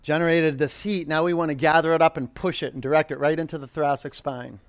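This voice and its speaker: A man's voice: fairly high pitch, steady tone, fast, no echo. A man leading a live yoga class, calling poses, counting down holds and encouraging students. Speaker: yoga instructor.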